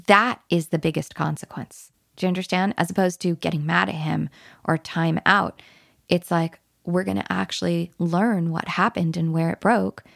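Animated gravelly-voiced woman parenting coach. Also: on the low side, no room sound, studio quality. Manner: animated and emphatic, dropping to a hushed whisper when modeling soothing words.

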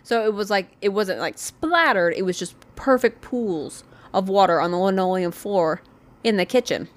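A woman's voice: medium pitch, lively intonation, moderate pace. Casual swearing woman telling a ghost story. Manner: swears freely, rambling asides. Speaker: podcast host telling a true haunting story.

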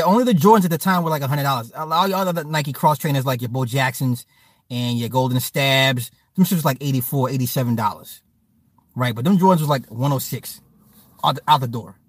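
A man in his forties telling casual stories to his chat, animated and full of profane slang. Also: medium pitch, no echo. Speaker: streamer talking to chat. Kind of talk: casual storytelling monologue.

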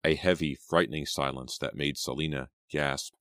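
A man with a very deep voice narrates a teen horror story in a deliberate, suspenseful way. The recording is dry and close, with no room sound around him. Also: steady tone, a bit bright, no room sound. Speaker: audiobook narrator.

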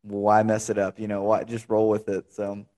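A man's voice: on the low side, monotone, normal speed, darkish tone. Chatty young man hosting a podcast. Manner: chatty, rambling storyteller. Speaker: podcast host. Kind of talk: casual interview chat.

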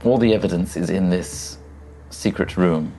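A man playing a tabletop game, speaking in character in a measured, formal way. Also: deep voice, dark tone, a little hiss or hum. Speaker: player.

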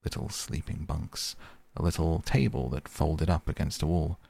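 Soft bedtime audiobook reader, deep husky man. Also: no echo. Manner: soft, slow, calm reading. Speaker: podcast host and reader.

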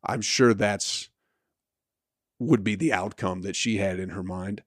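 A man's voice: lowish voice, unhurried, no room sound, clean studio sound. A man hosting a podcast, telling a profane comic story with frequent laughs and swearing. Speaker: podcast host. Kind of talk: profane comedic rant.

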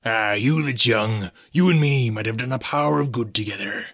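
A man voicing a cunning old male pirate cook, speaking in a slow, low, confiding drawl. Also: fairly bright tone. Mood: scheming.

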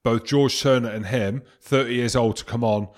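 A man's voice: medium pitch, fairly even intonation, moderate pace. A Scottish man co-hosting a podcast, chatting casually and joking with his co-host. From Scotland. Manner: jokey, laughs easily, banter. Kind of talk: casual chat.

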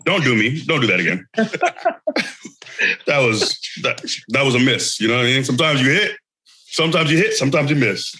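A man co-hosting a podcast with a bright, forceful voice. He jokes in animated, casual chat with plenty of rise and fall. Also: mid-range voice, a little fast, pauses often. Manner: animated, joking. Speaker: podcast co-host.

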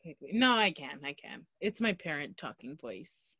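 A young woman co-hosting a podcast in casual chat, telling stories quickly and animatedly with frequent fillers. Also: sits low, very animated, bright, forceful tone, husky, dry recording. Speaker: podcast co-host.

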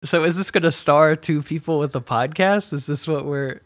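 A man's voice: fairly high pitch, moderate pace, no echo. Dry-sounding young man, casual. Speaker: podcast co-host. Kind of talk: casual chat.

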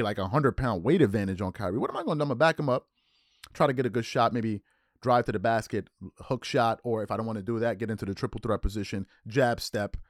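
Male podcast host, lively swooping delivery, dry close sound, mocking riffs. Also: medium pitch, no room sound. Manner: animated, mocking impressions of others. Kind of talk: casual sports commentary.

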